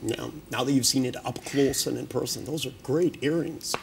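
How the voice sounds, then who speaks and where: An older man, a hypnotist, running a live hypnosis demonstration at a seminar, joking and teasing between slow, soft trance suggestions. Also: medium pitch, gravelly, a little hiss or hum. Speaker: hypnotist leading a training seminar. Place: seminar room with participants.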